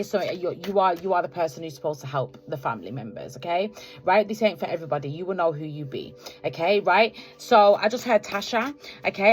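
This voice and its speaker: Woman with a lowish voice, tarot reading for viewers, keeps tagging "okay? right?". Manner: tags nearly every phrase with "okay? right?"; addresses viewers as "collective". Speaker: tarot card reader. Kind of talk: spiritual tarot reading to camera.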